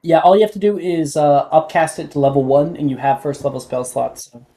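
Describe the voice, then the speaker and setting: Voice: medium pitch, fairly even intonation, a little fast, dark tone. A game master running a tabletop game in a casual way, leaning on "like" as a filler.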